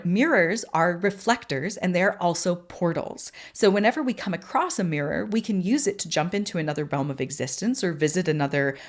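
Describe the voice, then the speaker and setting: Chatty young woman telling a dream. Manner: chatty, rambling, many restarts and "right?" tags; acts out quoted lines in a high bubbly voice. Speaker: podcast host. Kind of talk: storytelling monologue.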